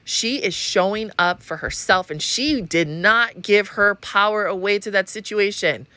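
A woman's voice: medium pitch, unhurried, pushed and bright, no room sound. A woman from Hawaii hosting a casual spiritual podcast monologue, chatty and profane, laughing often. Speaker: podcast host.

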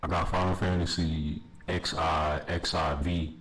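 A man's voice: sits low, flat delivery, measured pace, a bit bright. A man playing a rude male customer trading in old games, with a swaggering, crude way of talking, in an echoey room with faint noise. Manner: swaggering, crude street talk.

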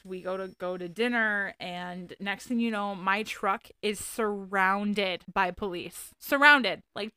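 A woman in her thirties speaks straight to her viewers, chatty and candid, swearing freely as she tells her story. Her voice is smooth and clear at a mid pitch. The sound is close and dry, with no room around it. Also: a bit bright, dry recording. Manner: candid, profane and chatty, often laughing. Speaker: vlogger.

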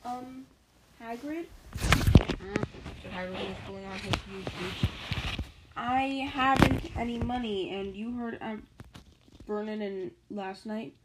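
A woman's voice: medium pitch, slow, long pauses, very noisy. A woman reading a children's novel aloud, stopping now and then to chat and answer questions. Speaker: reader.

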